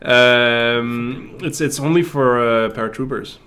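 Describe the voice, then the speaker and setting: A man's voice: mid-range voice, slow, sharp tone. A man with a French Canadian accent hosting a developer stream, joking and asking questions in a casual chat. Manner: joking, laughs often. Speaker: stream host.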